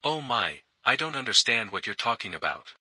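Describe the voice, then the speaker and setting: A man's voice: medium pitch, big pitch swings, moderate pace, sharp tone, no echo, exaggerated voice. A man reading a coy, teasing young woman.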